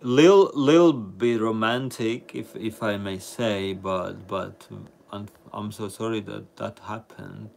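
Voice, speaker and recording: Slow-talking, laid-back male streamer. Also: lowish voice, creaky, a little hiss or hum. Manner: relaxed, chatty, reading out viewer comments. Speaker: live stream host. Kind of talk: casual live chat with viewers.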